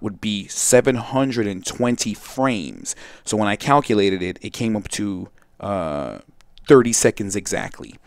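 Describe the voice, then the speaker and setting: A young man from Brooklyn, hosting a casual software tutorial, rambling and digressing, often restarting sentences and talking straight to viewers. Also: fairly low pitch, no echo, studio quality. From Brooklyn, New York. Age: young adult. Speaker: host and video editing tutor.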